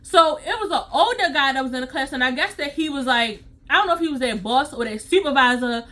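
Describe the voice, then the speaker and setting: Sassy, high-voiced woman storyteller. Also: animated, a little fast, pushed and bright. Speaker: CPR instructor. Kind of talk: storytime vlog.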